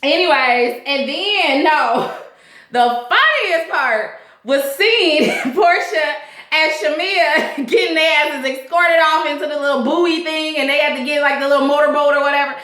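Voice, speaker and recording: A woman hosting a casual TV episode recap, talking in a profane, animated way and laughing often. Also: high voice, a little slow. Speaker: host of a TV recap show. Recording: echoey room.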